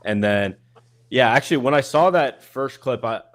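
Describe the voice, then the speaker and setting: A man's voice: mid-range voice, normal speed, a little hiss or hum. A man in casual group talk, rambling a little and restarting his words as he explains. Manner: rambling, restarts words, animated quoting of others. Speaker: podcast host. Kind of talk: casual group chat on a stream.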